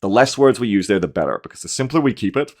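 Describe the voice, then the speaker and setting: A man in his thirties giving a casual, animated game match review, swearing and acting out his own panicked reactions. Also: on the low side, fast. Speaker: gaming commentator.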